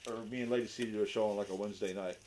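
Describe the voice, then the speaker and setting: A man's voice: on the low side, very fast. A man co-hosting a livestream, chatting casually and joking in a rambling way. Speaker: co-host of a coin roll hunting livestream. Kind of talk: casual chat. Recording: clear steady background noise.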